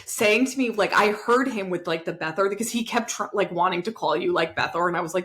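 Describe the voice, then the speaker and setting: Animated, swearing woman in casual talk. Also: mid-range voice, fast talker, few pauses, a little hiss or hum. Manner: animated, swearing, many fillers. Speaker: podcast co-host. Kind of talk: casual conversation.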